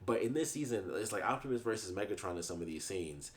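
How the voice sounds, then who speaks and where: Chatty, rambling young man with a lowish voice. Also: expressive, fast. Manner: chatty, rambling, laughs often. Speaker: YouTube reviewer. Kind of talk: casual review monologue.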